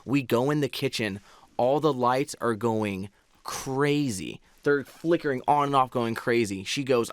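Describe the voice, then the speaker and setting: A man in his twenties, a podcast host, telling a story in an animated, slangy way and calling people bro. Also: mid-range voice, a little slow, dry recording. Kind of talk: casual storytelling.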